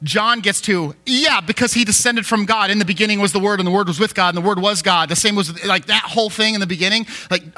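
A man preaching a sermon, telling a personal story in an animated way with many fillers. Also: sits high. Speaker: pastor.

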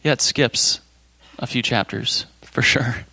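A man's voice: medium pitch, takes it slowly, gravelly, pushed and bright, slightly rough, dry recording. A man leading a Bible study group, reading a children's story aloud plainly, then chatting casually and hesitantly with the group.

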